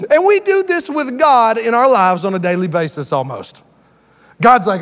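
A man preaching a sermon as pastor, telling stories with acted-out voices in a lively, animated way. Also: high voice, a little fast. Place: church sanctuary. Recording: long hall reverb from a church sanctuary.

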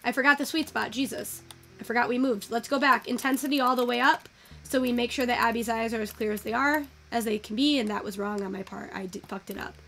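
A young woman giving casual, excitable commentary while taking in-game photos, swearing freely and gushing over what she sees. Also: a little high, quick pace, soft background music. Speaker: virtual photography creator.

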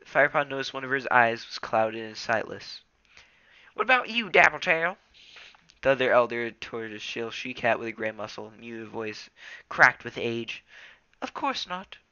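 A man's voice: medium pitch, level tone, normal speed, bright, forceful tone, clean tone, no room sound, lo-fi sound. A teenage boy reading a novel aloud casually, stumbling and correcting himself. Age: teens. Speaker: reader.

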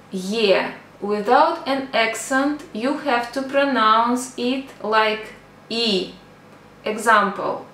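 A woman teaching a language lesson, speaking deliberately, repeating each word and pausing with fillers. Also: fairly high pitch, a bit bright. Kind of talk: slow spoken lesson. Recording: echoey room with faint ambience.

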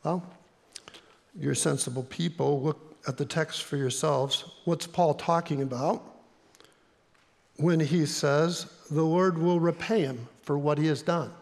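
A man's voice: fairly high pitch, fairly even intonation, a little slow, vocal fry. A man preaching a sermon as pastor, telling stories earnestly and repeating key lines for emphasis. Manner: earnest storytelling with emphatic repetition. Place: church sanctuary. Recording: long church reverb.

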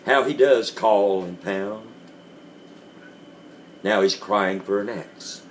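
A man giving a dramatic reading of a classic story, slow and deliberate with dramatic pauses. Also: on the low side, a little hiss or hum. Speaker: reader.

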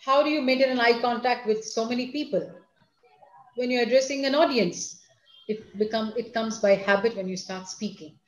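A woman gives a lecture to students and parents, speaking in a teacherly way. She is expressive and talks straight to her listeners. Her voice sits a little high and carries a roomy echo. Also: normal speed, highs cut off, soft background music. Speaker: school principal giving a talk.

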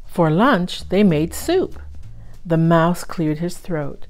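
Woman reading a storybook slowly. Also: fairly low pitch. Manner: warm, expressive read-aloud. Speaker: children's librarian.

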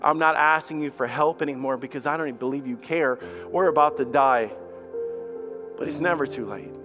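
Over background music, a man preaches briskly from the pulpit with fervent intensity. He stumbles on repeated words while mimicking doubters, pushing his pitch upward to voice them.

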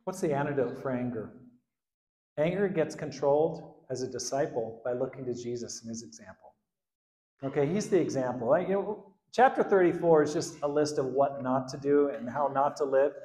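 A man preaching a sermon as pastor, animated, swinging between loud outbursts and quiet asides and acting out the quotes. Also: medium pitch, moderate pace, echoey room. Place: church hall.

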